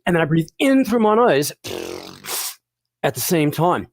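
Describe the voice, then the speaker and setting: Very animated yet unhurried, this mid-range voice comes through over background noise. The performer hosts a kids' educational show, cheering listeners on playfully, laughing a lot, and quizzing the audience directly.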